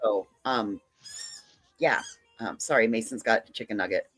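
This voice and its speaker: A woman's voice: rumbling low, husky. Rambling woman panel guest. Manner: animated, rambling, quick asides. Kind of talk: casual chat.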